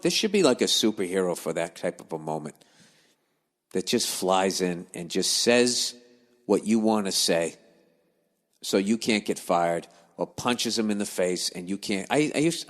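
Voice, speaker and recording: A man's voice: sits low, in a large hall. A man hosting a podcast, reading listener letters aloud and breaking into profane, grumbling comic rants and digressions. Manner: swears freely, grumbles and digresses. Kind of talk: profane comedic rant.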